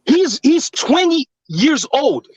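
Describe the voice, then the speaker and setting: High-voiced man ranting heatedly. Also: big pitch swings, takes it slowly, dry recording, lo-fi sound. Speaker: panelist. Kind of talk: heated panel debate.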